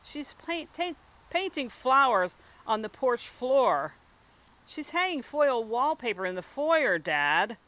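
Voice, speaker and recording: A woman's voice: a little high, big pitch swings, slow, fairly bright tone, pitched above the performer's own voice, heavily acted, rough recording. A woman voicing a worried young boy who pleads with his father in eager, rising questions. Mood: worried pleading.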